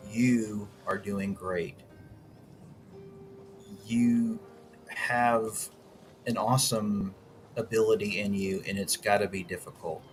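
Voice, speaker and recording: Slow, soothing man playing a character. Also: lowish voice. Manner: calm, soothing, encouraging. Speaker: player. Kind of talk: in-character tabletop role-play.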